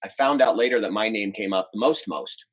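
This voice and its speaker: A man in his forties from the United States, a relationship coach telling animated stories as an interview guest and quoting people in them. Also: fairly low pitch, a little fast. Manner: animated, chatty, quotes others in his stories. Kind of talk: casual interview storytelling.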